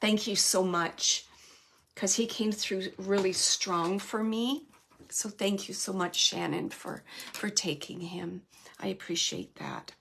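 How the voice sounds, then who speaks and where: A woman's voice: mid-range voice, slow, vocal fry, fairly bright tone, husky. A woman hosting a show and giving a live mediumship reading, searching for words with many restarts.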